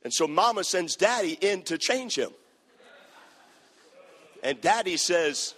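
A man preaching a sermon as pastor, swinging from quiet asides to sung, shouted cadences. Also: high-pitched, animated, takes it slowly, husky. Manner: preaching with rising shouts and sing-song cadence. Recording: long hall reverb.

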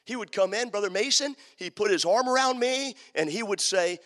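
A man preaching a sermon as a story, turning dramatically from loud to hushed. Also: high-pitched, normal speed. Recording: long reverb of a large hall.

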